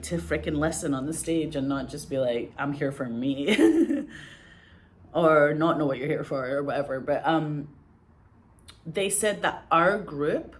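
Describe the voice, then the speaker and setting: A woman in her forties, a podcast host, telling stories in a loose, chatty way full of fillers. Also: deep voice. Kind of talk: casual storytelling.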